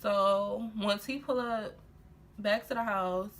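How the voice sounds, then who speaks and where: A woman's voice: mid-range voice, takes it slowly. A young woman casually telling a personal story in a getting-ready vlog, talking animatedly with lots of fillers and restarts. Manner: animated, heated retelling full of fillers and laughs. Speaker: vlogger.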